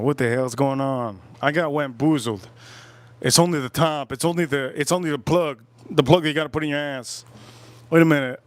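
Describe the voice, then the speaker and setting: A man's voice: a little high, dry recording. A man hosting a casual livestream while drinking, rambling, repeating himself, and cracking crude jokes. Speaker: livestream host.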